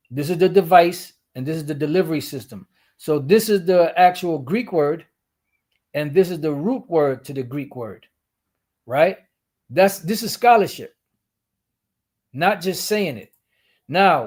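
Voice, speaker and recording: A man with a slightly high, somewhat mellow voice teaches the Bible while sharing his screen. He explains things step by step, often repeating and restarting his phrases.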